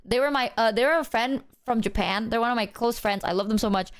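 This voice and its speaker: A woman livestreamer telling a story to her chat, animated and swearing, acting out the voices of people she quotes. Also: a little high, quick pace, smooth, no room sound, clean studio sound.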